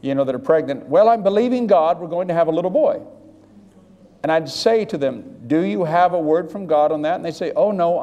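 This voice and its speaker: A man preaching a sermon to a room of listeners, animated, swinging from hushed asides to loud emphatic bursts. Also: on the high side. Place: large hall with an audience. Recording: long hall reverb.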